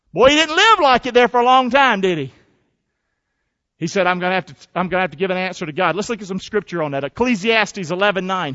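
High-voiced, fiery preaching pastor. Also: male voice. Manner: energetic, call-and-response preaching with folksy asides. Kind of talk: sermon. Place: church. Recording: dull lo-fi church recording with long reverb.

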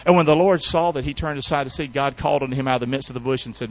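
A man preaching a sermon in a folksy, call-and-response style, swinging between loud emphatic shouts and low hushed tones. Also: steady tone, racing, few pauses, a little hiss or hum. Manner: folksy, colloquial delivery. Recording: dull, dry, lo-fi recording.

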